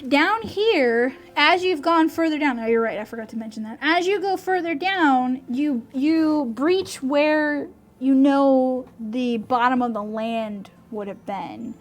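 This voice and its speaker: A woman narrating as dungeon master, animated and giggly, often breaking into shrieking little voices. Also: high voice, a little slow. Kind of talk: narrating a tabletop game.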